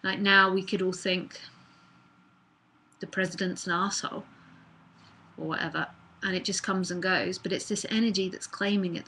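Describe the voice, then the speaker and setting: A woman's voice: mid-range voice, fairly even intonation, moderate pace, pushed and bright, husky. A woman with a New Zealand accent giving a casual live spiritual talk, rambling and acting out the voice of anxious thoughts. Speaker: nondual spiritual teacher. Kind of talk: live online talk answering questions.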